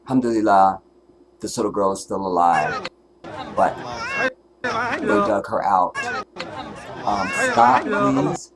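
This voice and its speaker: A man's voice: lowish voice, lively intonation, slow pace, pauses often, over a noisy crowd, heavy background noise. Angry, emotional male stream host. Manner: emotional, profane, angry ranting. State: close to tears at times. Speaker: livestream host. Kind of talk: livestream commentary.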